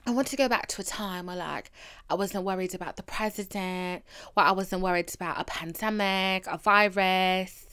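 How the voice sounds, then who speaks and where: A young woman hosting a comedic solo podcast, telling stories in a sassy, profane, dramatic way that jumps from loud exclamations to hushed whispers. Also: mid-range voice, moderate pace, smooth. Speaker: podcast host.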